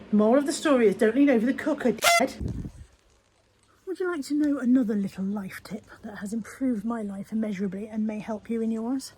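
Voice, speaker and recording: A woman's voice: fairly high pitch, a little mellow, husky, low-quality recording. A woman vlogging casually to her camera, with wry, self-deprecating storytelling. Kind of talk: casual chatty vlog.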